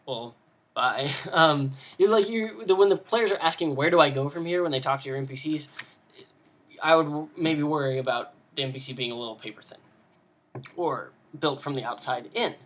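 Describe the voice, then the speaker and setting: A man's voice: on the high side, normal speed, a bit bright. A man giving casual advice on running tabletop games, rambling with many fillers and restarts. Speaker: game master giving advice. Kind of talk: casual video lesson.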